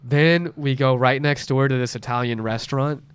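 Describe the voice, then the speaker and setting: Here a late-twenties podcast host chats casually, telling a lively story and loudly acting out what other people said. His voice is medium-pitched and smooth, his pace moderate, with no echo in the sound.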